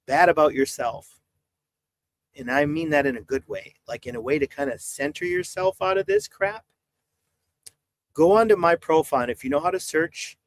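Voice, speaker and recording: A man in his forties, a priest talking on a live stream, exasperated and preachy as he urges his viewers. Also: fairly high pitch. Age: 40s. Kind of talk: impassioned live-stream talk.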